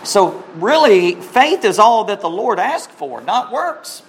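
A man preaching a sermon in a slow, earnest, heartfelt way, with emphatic rises and an occasional cleared throat. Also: high-pitched, big pitch swings. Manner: clears throat now and then.

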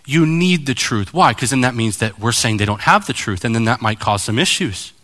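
A pastor with a medium-pitched voice preaches briskly, direct and challenging in his sermon. He tells stories in an animated way, acting out the different voices.

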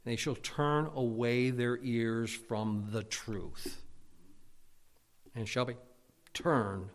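A man preaching a fiery sermon as pastor, loud and emphatic, with stammered restarts. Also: mid-range voice, steady tone, slow. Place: church sanctuary. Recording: long church reverb.

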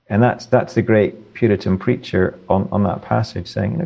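Gravelly deep-voiced man, earnest and halting. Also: fairly even intonation, mellow. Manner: earnest, halting with many repeated words. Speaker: author and guest. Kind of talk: theological interview answers.

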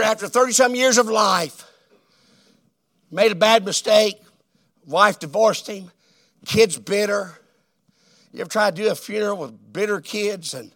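Male preacher, sermon delivery, high and gravelly, with a loud-to-hushed dynamic swing. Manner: swings between loud emphatic declarations and hushed, drawn-out phrases.

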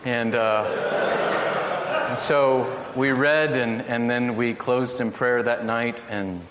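Pastor telling family stories, echoey hall. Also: male voice, medium pitch, steady tone, slow pace. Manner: storytelling, earnest and gently humorous. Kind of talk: sermon. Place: church hall. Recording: echoey hall from far off, faint noise.

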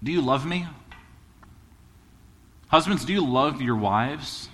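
A man's voice: fairly high pitch, expressive, slow pace, fairly bright tone, big-room sound. A man preaching a sermon as a pastor, moving from casual storytelling into emphatic, building preaching.

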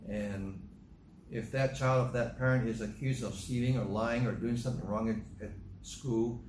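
A man preaching a sermon, reading scripture aloud and stressing key verses with rising emphasis. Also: a little mellow. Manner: emphatic, rises in pitch on key scripture lines. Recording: echoey room with faint ambient noise.

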